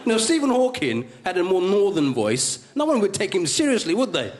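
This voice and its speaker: A male stand-up comedian, hosting a comedy show with quick, cheeky punchlines before a live audience. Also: sits high, huge pitch swings, noisy background. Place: studio comedy stage with audience. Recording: live stage with loud crowd.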